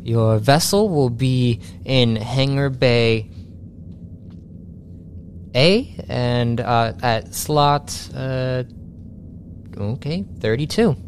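A man voicing a hesitant female fleet admiral who gives orders in a halting way, full of restarts. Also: rumbling low, darkish tone, slight background noise, voice pushed up, exaggerated voice. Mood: instructing.

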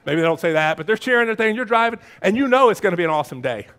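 A man preaching a lively, playful sermon as pastor, breaking into shouts and silly voices. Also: high voice, rapid-fire, smooth.

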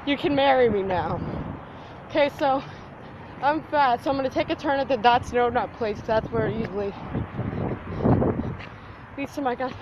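A woman's voice: a little high, moderate pace, long pauses, lo-fi sound. A teenage girl vlogging outdoors on a city street from a handheld device, rambling, self-mocking and swearing constantly. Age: teen. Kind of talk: casual rambling vlog. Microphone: handheld phone or tablet. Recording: loud street traffic noise. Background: street traffic.

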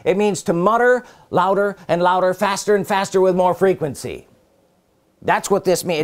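A man's voice: high voice, moderate pace. A man preaching a sermon, stressing and repeating key phrases, asking the listeners questions, and reading scripture in older formal wording.

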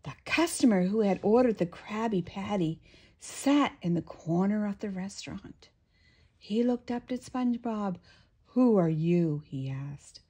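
A woman reading a picture book aloud to children, expressive and playful with asides. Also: mid-range voice, unhurried, husky. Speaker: storyteller.

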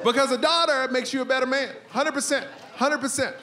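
A middle-aged man doing a stand-up comedy set, animated, acting out family scenes and breaking into shouts. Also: very high voice, fairly quick, crowd noise. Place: comedy club stage with live audience. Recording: live room with steady ambience noise.

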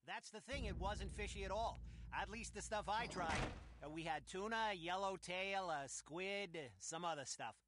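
Casting: a talkative guard, high voice, eager and persuasive, in-game chatter. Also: male voice, normal speed, a bit bright. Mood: enthusiastic. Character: chatty male guard raving about sushi. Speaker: game character. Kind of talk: game dialogue.

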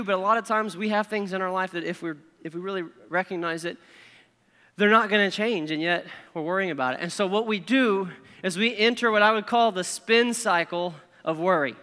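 A middle-aged man, preaching a sermon with animated, self-deprecating storytelling and acted-out inner voices. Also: high-pitched. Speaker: pastor. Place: large church hall. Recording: reverberant hall.

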